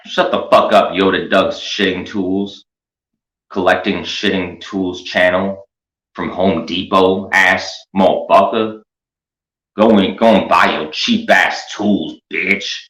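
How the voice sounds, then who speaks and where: A man's voice: low-pitched, takes it slowly, fairly bright tone. A man hosting a commentary show, rambling through a crude, mocking, profane rant. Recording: echoey room.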